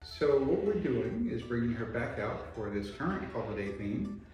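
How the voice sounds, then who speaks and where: A man hosting a video, reading poetry aloud with a theatrical, drawn-out delivery. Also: medium pitch, big pitch swings, darkish tone. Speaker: host. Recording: echoey room from far off, faint music.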